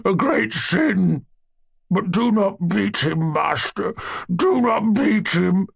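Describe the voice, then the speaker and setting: Guy doing a wailing old holy fool, high and sloooow, husky, kinda eerie. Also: expressive, no room sound, exaggerated voice. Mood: pleading. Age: 60s. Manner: slow, wailing, high-pitched muttering.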